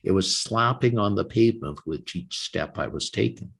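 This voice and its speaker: Gravelly, lively older man telling a story. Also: on the low side, normal speed. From Canada. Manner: animated storyteller acting out quoted dialogue. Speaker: guest author. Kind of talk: storytelling in an interview.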